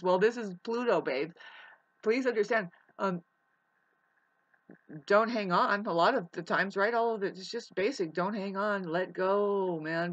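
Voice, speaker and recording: A woman with a bright, forceful voice rambles through an astrology talk, emphatic and loose, tossing in curses and calling her listener babe. The sound is dull and lo-fi. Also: mid-range voice. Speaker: astrology vlogger. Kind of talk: casual astrology monologue.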